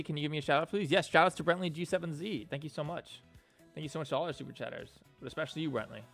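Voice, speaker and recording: A man with a gravelly voice chats casually on a livestream. He rambles while he works and thanks his donors. Soft music plays in the background. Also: fairly high pitch, rapid-fire. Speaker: game developer livestreamer.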